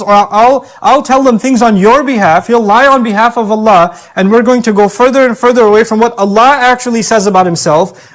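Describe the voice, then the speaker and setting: A man preaching a sermon in a conversational, emphatic way, with chatty asides. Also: high voice.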